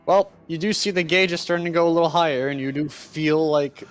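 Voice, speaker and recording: A man's voice: fairly high pitch, brisk, faint music behind. A man running a tabletop game as game master, narrating with a playful, laughing manner.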